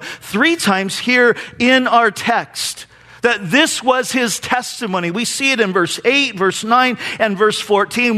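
A male pastor preaching a sermon who tells stories and jokes, asks rhetorical questions, and slows down and drops his voice at key phrases. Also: sits high, pushed and bright.

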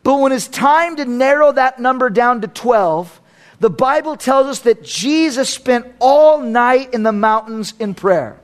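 A man's voice: extremely high pitch, unhurried. A man preaching a sermon as a pastor, emphatic and fond of repeating phrases for effect.

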